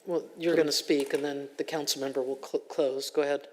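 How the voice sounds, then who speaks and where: A woman's voice: deep voice, flat delivery, brisk, a little mellow, long reverb tail. A woman mayor chairing a council meeting with brief, procedural remarks. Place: council chamber.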